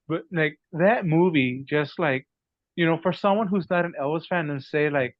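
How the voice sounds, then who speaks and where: Texan man, podcast guest, chatty rambler with a slightly high voice, dry lo-fi sound. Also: moderate pace, no echo. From Texas. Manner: rambling storyteller, laughs often. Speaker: guest, tribute artist for a famous singer. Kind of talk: casual podcast chat.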